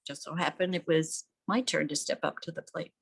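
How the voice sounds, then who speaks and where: A woman's voice: deep voice, brisk, gravelly, breathy edge. An older woman, a veteran's widow, telling stories emphatically in an interview and acting out the people she quotes. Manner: emphatic, animated, acts out quoted voices. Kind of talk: conversational storytelling. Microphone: remote audio call.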